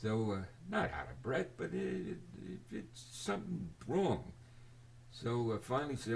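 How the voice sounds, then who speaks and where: An older man telling a rambling personal story to his camera, halting and forgetful, with many restarts and fillers. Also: mid-range voice, huge pitch swings, creaky, slight background noise. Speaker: video storyteller.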